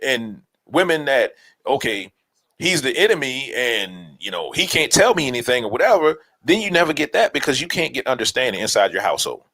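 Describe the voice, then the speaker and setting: A man from New Orleans with a New Orleans accent, co-hosting a casual podcast chat, animated and repeating himself as he makes his points. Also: mid-range voice, a little fast, low-quality recording. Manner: animated, repeats himself, plays out bits in voices. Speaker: podcast co-host.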